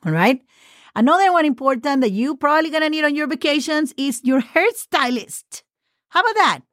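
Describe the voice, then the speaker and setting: A woman's voice: sits high, animated, fairly quick, a bit bright, no echo, studio quality. Chatty woman teaching. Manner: chatty, playful, spells words letter by letter. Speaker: Spanish teacher. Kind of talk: podcast language lesson.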